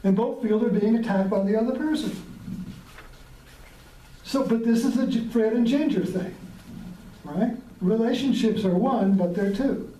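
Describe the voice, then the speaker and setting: High-voiced man, roomy distant sound. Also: normal speed, pauses often, dark tone. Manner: reflective, rambling, chuckles often. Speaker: podcast host. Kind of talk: casual spiritual talk.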